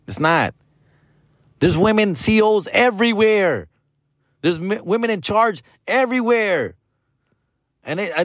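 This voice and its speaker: A male comedian rants on his podcast, and his talk is loose, slangy and exasperated, with bits of Spanish slang thrown in. His voice sits at a middling pitch. The sound is dry and close, with no room echo. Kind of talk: casual podcast rant.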